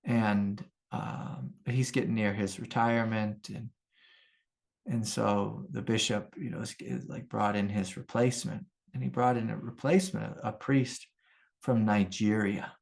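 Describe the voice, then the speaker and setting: A man's voice: lowish voice, steady tone, a little slow, gravelly, a little mellow. A middle-aged man, a spiritual teacher, telling a story in an earnest, conversational way. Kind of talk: casual storytelling talk.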